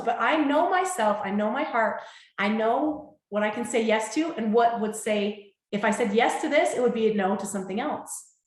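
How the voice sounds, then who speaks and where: Woman host, heartfelt motivational talk, slightly high pitch, roomy echo. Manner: warm, heartfelt, repeatedly checks in with listeners. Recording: echoey room.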